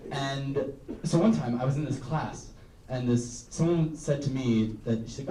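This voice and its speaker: A man's voice: mid-range voice, unhurried, mellow, a little hiss or hum. Rambling young male stand-up comic. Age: young adult. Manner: rambling, self-deprecating, full of "um" and "like". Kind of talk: stand-up comedy set. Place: live comedy room with audience. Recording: roomy, distant live recording.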